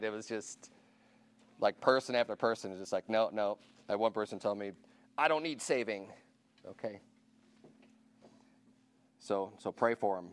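A man's voice: on the low side, clean tone. A man pastor giving casual church announcements to his congregation, informal and chatty, asking the room questions and counting raised hands.

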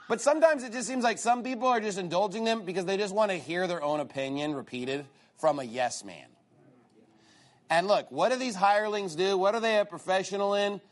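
A male preacher giving a sermon, mocking and sarcastic, swinging between loud outbursts and low asides. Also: lively intonation, a little fast.

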